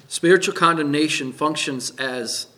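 High, bright-voiced male preacher. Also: takes it slowly. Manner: emphatic, asks the congregation questions. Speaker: pastor. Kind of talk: sermon.

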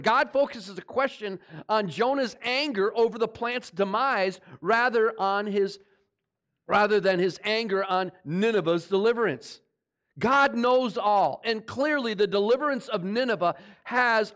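High-voiced man preaching a sermon. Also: fairly bright tone. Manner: conversational preaching, asks the congregation questions; dramatizes voices of God and Jonah in quotes. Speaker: pastor.

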